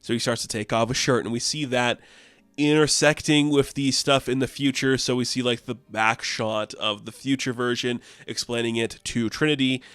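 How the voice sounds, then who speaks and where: A man giving a casual comic book recap in a rambling way, full of "like" and quick asides. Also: mid-range voice, steady tone, a bit bright, clear, resonant tone, dry recording. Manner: rambling, filled with "like".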